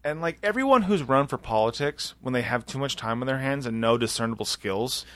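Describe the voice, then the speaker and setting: Man joking and rambling, very animated. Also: medium pitch, brisk. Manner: rambling, joking, laughs often. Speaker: podcast co-host. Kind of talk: casual chat.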